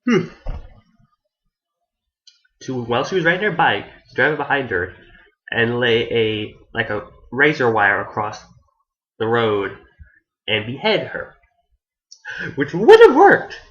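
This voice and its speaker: A man gives a loose, rambling review of an anime's plot, speaking at an ordinary mid pitch with a slightly bright tone. He's very animated yet slow, pausing often, restarting sentences, and swearing casually, and the recording sounds dull and lo-fi.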